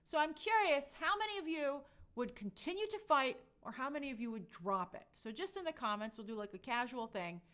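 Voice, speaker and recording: A woman's voice: high voice, fairly quick, few pauses. A woman hosting a casual live stream, reading viewer comments and chatting about entertainment news. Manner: animated, reads chat aloud, jumps into put-on quotes. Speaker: livestream host.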